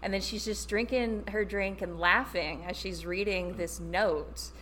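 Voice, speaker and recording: A woman's voice: mid-range voice, steady tone, a little slow, fairly bright tone, a little hiss or hum. Wry, giggling woman podcast guest. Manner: wry, giggly, acting out quotes. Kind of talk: casual film discussion.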